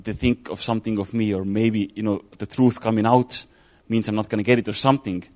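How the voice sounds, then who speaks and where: A man's voice: on the low side, steady tone, fairly quick. A man giving an informal sermon, talking it through casually with fillers and restarts. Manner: conversational, thinking aloud with fillers and restarts. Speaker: preacher.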